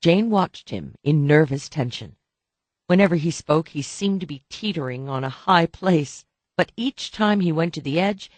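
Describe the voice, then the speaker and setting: A man narrating a novel as an audiobook reader, in a steady, even storytelling manner. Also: fairly high pitch, no room sound. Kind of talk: scripted narration.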